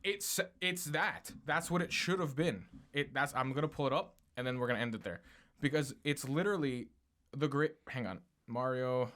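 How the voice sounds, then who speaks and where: A man co-hosting a casual podcast, talking in animated bursts, swearing often and laughing. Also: medium pitch, normal speed. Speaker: podcast co-host.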